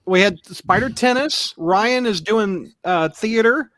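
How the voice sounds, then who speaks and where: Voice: medium pitch, slow pace, a bit bright, dry recording. A podcast host recapping an episode in casual group chat, laughing often as they run through the list.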